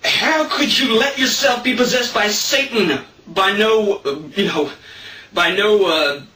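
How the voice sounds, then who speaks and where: A man quoting a grumpy, flustered male deity who blusters and stammers through a scolding, only slightly lower than his usual voice. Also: a little slow, sharp tone, reverberant, far from the mic, low-quality recording.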